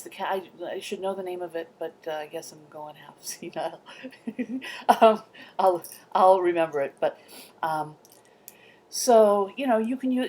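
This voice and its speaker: Rambling middle-aged woman, lowish voice. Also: darkish tone, a little hiss or hum. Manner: rambling, many fillers and whispered asides. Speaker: vlogger. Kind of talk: casual chat to camera.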